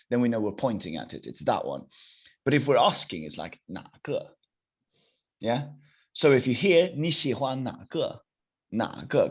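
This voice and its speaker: A young man teaching a live online language class over a video call, encouraging and repeating phrases slowly. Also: on the low side, slightly rough.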